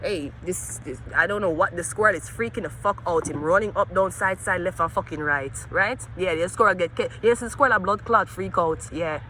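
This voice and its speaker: A woman with a Jamaican accent doing a profane tarot reading vlog outdoors, swinging between angry rants and low muttering. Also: a little fast, hardly any pauses, background noise. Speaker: tarot reader.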